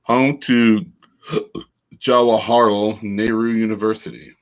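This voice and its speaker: A middle-aged man with a fairly low, steady voice hosts a podcast, chatting casually while he solves a crossword. He jokes and muses slowly, now and then slipping into silly voices.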